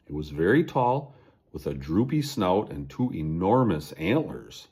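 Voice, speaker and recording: Man, storybook narration, deep voice, husky, very lively intonation. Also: unhurried. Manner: expressive reading aloud.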